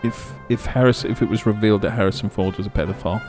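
A man's voice: fairly low pitch, steady tone, quick pace, music in the background. A man co-hosting a comedy podcast, playful and teasing, laughing a lot. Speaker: podcast co-host. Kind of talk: comedic banter.

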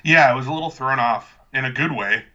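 A man co-hosting a casual podcast in a very bright, cutting voice. He is chatty and rambling, with dry humor. The audio is slightly dull and muffled. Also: medium pitch, a little fast. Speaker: podcast co-host. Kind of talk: casual chat.

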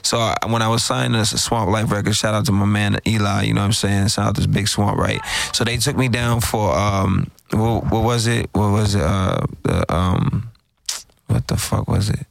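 A man's voice: on the low side, normal speed, gravelly, no echo. A man from Bridgeport, Connecticut, hosting a podcast in a casual, profane, slang-heavy chat, telling stories with energy. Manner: animated, slangy, lots of filler phrases.

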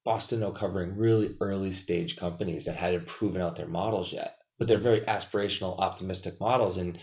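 A man hosts a podcast in casual conversation, his voice sitting a little low. He is agreeable and upbeat, and he keeps nodding along with frequent yeahs. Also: fairly even intonation, brisk, vocal fry, a little mellow. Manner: agreeable, says "yeah" often, enthusiastic.

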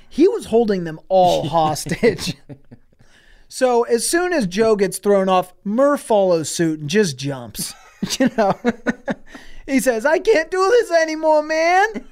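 A man unspools an absurd, crude improvised story on a podcast, taking his time over each line. His pitch swings widely, and he swears casually as the tale escalates. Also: darkish tone. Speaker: podcast co-host.

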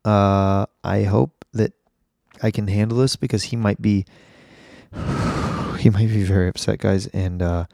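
Hoarse, rambling man hosting a podcast. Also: fairly low pitch, a little slow, long pauses, dry recording, studio quality. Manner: rambling, self-mocking, excitable. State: hoarse from laryngitis. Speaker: podcast host. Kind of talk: casual solo podcast chat.

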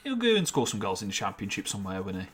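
A man co-hosting a casual football podcast, often halting and restarting as he thinks aloud. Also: fairly low pitch, huge pitch swings, a bit bright, husky. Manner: halting, many restarts and fillers, earnest. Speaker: podcast co-host.

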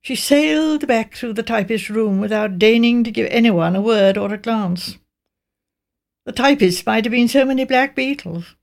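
An older woman reads a classic mystery aloud as an audiobook narrator. Her voice sits a little high and carries a gravelly edge. Her delivery is measured and precise. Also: a little mellow. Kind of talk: scripted narration.

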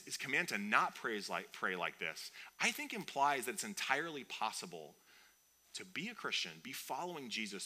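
A man preaching a sermon in a conversational, animated way, with playful asides. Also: on the low side. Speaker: pastor.

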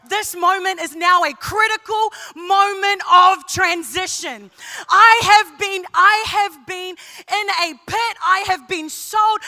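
A woman preacher voicing the young man Joseph, crying out in an impassioned, shouting inner struggle. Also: very high voice, pitched above the performer's own voice, heavily acted. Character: young man Joseph, anguished, torn by temptation. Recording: long hall reverb.

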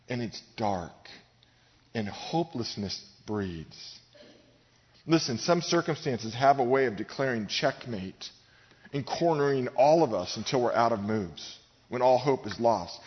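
A man's voice: mid-range voice, expressive, moderate pace. A middle-aged male pastor preaching a sermon in a large gym, speaking emphatically and directly to his congregation. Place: large gym used for church services. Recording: long hall reverb, dull sound.

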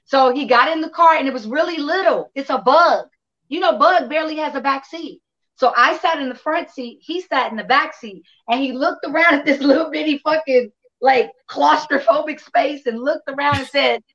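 A woman guest casually telling an animated, profane anecdote, acting out the dialogue as she goes. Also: high-pitched, fairly quick, lo-fi sound. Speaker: interview guest. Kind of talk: casual storytelling.

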